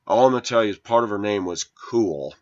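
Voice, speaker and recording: A low-voiced man rambles through a grievance-filled personal story. His tone turns aggrieved and complaining as he retells old slights. The recording sounds dull and lo-fi. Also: lively intonation, a little fast. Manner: aggrieved, complaining, voice rising when quoting arguments. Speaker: vlogger telling a personal story. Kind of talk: rambling first-person monologue.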